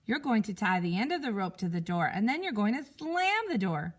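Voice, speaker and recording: A woman voicing a small boy with a loose tooth, yelling and whining loudly in a storybook reading. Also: mid-range voice, very animated, brisk. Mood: complaining. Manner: yelling, whiny and loud. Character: little boy with a sore loose tooth, wailing.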